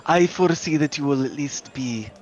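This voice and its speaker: A man's voice: on the high side, a little fast, darkish tone, muffled recording. A man taking part as a player, hesitant with many ums. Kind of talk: tabletop game play.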